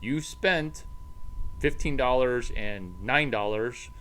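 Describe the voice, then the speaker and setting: A man's voice: medium pitch, animated, slow pace, bright, forceful tone, a little hiss or hum, low-quality recording. A man rambling playfully in a casual monologue as an entrepreneur vlogger, jumping between topics and cooing at his dog.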